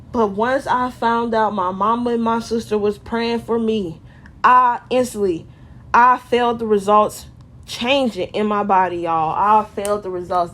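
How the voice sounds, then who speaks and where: Woman vlogger, personal testimony, casual slangy delivery, emotional, medium pitch.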